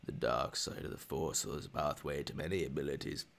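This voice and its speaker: A man doing a wizened, sinister old Sith emperor. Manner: deep, hushed and drawn-out. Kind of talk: voice impression on a live stream.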